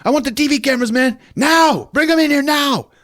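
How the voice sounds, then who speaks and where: A man doing a shrill, ranting thug. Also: fairly quick. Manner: high yelling, strained and frantic. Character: shrill unhinged male cult gunman, ranting.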